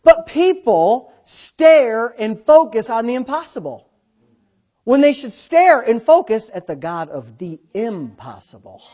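A man preaching a sermon as pastor, swinging between loud bursts and quiet asides. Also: very high-pitched, sing-song, measured pace. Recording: dull lo-fi sound.

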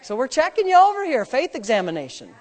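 A man preaching a sermon as pastor, repeating phrases in a rhythm, calling for amens, and swinging between hushed asides and loud outbursts. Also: very high voice, huge pitch swings, fast. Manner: repetitive, rhythmic phrasing with calls for amen.

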